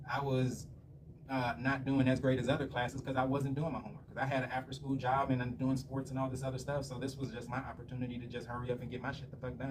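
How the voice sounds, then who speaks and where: A man telling rambling, profanity-filled stories in a casual rant to the camera. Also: mid-range voice. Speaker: vlogger. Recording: slightly distant mic with faint room noise.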